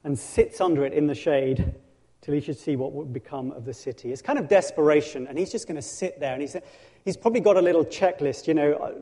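A man preaching a sermon in animated storytelling, dramatizing scripture with frequent restarts. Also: fairly high pitch, a little fast. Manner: frequent restarts and self-corrections. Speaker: pastor.

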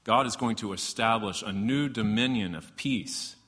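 Low-voiced man preaching in a hall. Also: normal speed, fairly bright tone, husky. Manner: reads scripture aloud with emphatic rises, breaks into asides. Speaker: pastor. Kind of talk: sermon.

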